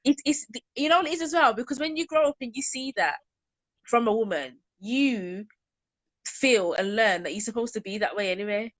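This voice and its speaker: A woman's voice: fairly high pitch, moderate pace, dry recording. A young woman guest talking frankly and animatedly in a casual chat. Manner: frank, animated, self-deprecating.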